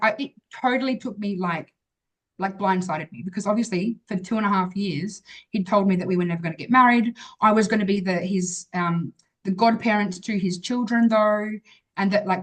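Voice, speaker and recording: A woman's voice: medium pitch, poor audio. A woman, an interview guest, telling a personal story in a chatty way, full of fillers and acted-out dialogue.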